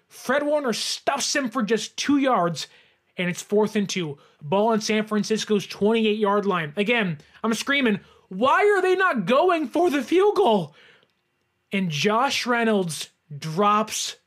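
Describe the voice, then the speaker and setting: A man with a high voice hosts a sports reaction, talking in a fast, fired-up rush. He sounds like a fan, breaking into near-shouts when a play goes wrong. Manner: animated, fan ranting with rising shouts. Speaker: sports podcast host. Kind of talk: excited sports reaction monologue.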